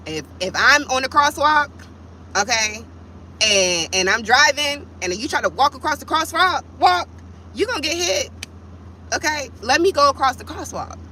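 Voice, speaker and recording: A woman's voice: high voice, expressive, moderate pace, pushed and bright, a little hiss or hum, low-quality recording. Fired-up woman venting on a livestream. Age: adult with kids. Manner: blunt, profane, fired up, talks straight to viewers. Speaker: vlogger on a livestream. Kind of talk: heated livestream vent.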